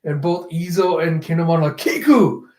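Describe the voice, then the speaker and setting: A man reviewing a comic chapter, retelling its scenes in an animated way. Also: a little high, normal speed. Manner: animated retelling in second person. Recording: echoey room.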